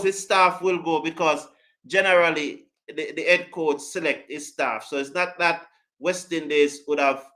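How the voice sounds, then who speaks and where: A cricket show host runs a live stream and answers chat comments with passion, emphasis and lots of repetition. His voice has a fairly high pitch and a sharp tone.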